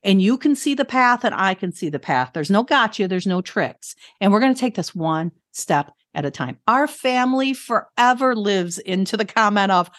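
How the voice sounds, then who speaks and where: A middle-aged woman co-hosting an education podcast tells a story with earnest, emphatic warmth and comes back to her key phrases. Her voice sits at a medium pitch and sounds close and dry, with no room around it. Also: expressive, moderate pace, hardly any pauses, no echo. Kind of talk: storytelling in casual chat.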